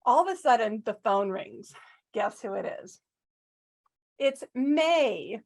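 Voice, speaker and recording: Woman speaker, lively funny story speech, self-mocking, quizzes the audience, slightly high voice. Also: slow pace. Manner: animated, self-mocking, asks the audience questions. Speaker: club speaker.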